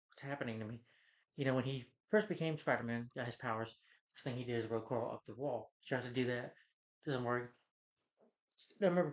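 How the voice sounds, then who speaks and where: A man talks through a movie's plot in a casual review, rambling and leaning on fillers as he goes. His voice sits at an ordinary pitch. The recording is dull and lo-fi. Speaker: film reviewer.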